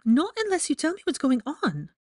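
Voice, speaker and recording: A woman performs a full character voice as a worried, insistent teenage girl student pressing with anxious questions, pitched above her own natural voice. The voice is high and slightly rough, with wildly swooping pitch at a moderate pace. The recording is dry and studio quality.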